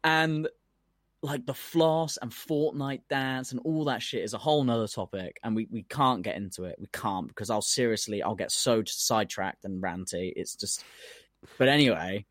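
A man's voice: mid-range voice, moderate pace, a bit bright, no echo, studio quality. A man co-hosting a casual comedy podcast, ranting and swearing a lot as he gets worked up. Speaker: podcast co-host.

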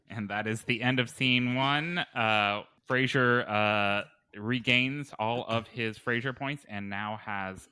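A man acting as game master in a casual tabletop game, giving hesitant, amused rulings full of pauses. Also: medium pitch, pushed and bright, no room sound.

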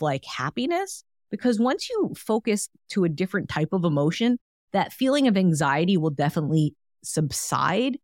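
A woman's voice: on the low side, darkish tone, dry recording, studio quality. A woman hosting a solo wellness podcast, talking in an upbeat, encouraging, chatty way with lots of "like". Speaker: podcast host.

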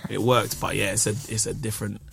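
A man's voice: fairly low pitch, fast talker, vocal fry, a little hiss or hum. A young man, a stand-up comedian telling stories in casual podcast chat and acting out voices. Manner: animated storyteller, acts out voices.

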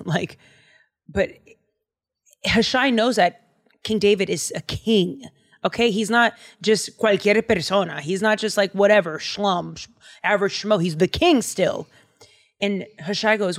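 Animated slangy woman podcast host. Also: medium pitch, a little slow. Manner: animated, slangy, acts out dialogue. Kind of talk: casual chat retelling a Bible story.

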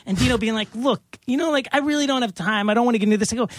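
A man's voice: very high voice, very fast, no echo, clean studio sound. A man telling a story in casual chat, rambling and full of filler words.

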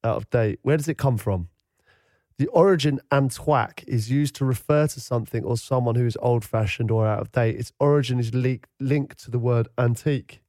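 A man co-hosting a casual podcast chat, wry and mock-offended, talking in an animated way. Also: medium pitch, moderate pace, dry recording, clean studio sound. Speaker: podcast co-host.

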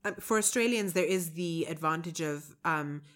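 A woman's voice: deep voice, normal speed, a bit bright. A woman co-hosting a podcast in casual chat, teasing and playful. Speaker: podcast co-host.

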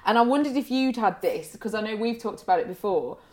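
A woman with a northern English accent, chatting in an animated way and laughing through her stories. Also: fairly high pitch, fast. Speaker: podcast co-host. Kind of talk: casual chat.

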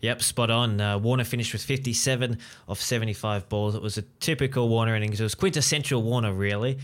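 A man hosting a sports podcast in a steady, measured presenter manner. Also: on the low side. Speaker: podcast host.

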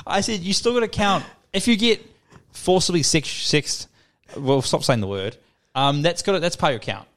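A man's voice: a little high, sing-song, normal speed, fairly bright tone. A man co-hosting a podcast, rambling through crude stories full of slang, swearing and laughter. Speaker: podcast co-host. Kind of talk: casual crude chat.

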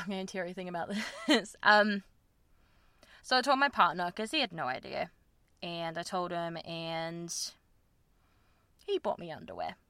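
In a clean studio recording with no echo, a young podcast host talks candidly about her personal life in a mid-range, slightly bright voice. She rambles, uses lots of fillers and laughs self-consciously.

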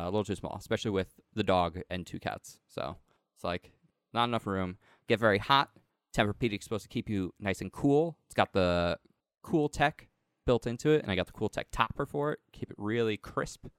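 A man with a smooth, resonant voice chatting casually on a podcast. He rambles through his story, leaning on "like" and "um." His voice sits a little low and sounds close and dry. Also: fairly quick, dry recording. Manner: rambling, heavy use of "like" and "um". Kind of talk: casual chat.

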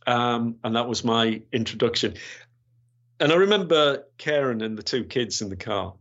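With an animated, fairly bright voice at medium pitch and moderate pace, a retired policeman from Gateshead, England, rambles about his career, restarting and filling pauses frequently. He's in his sixties, and this storytelling interview has slightly dull, lo-fi audio.

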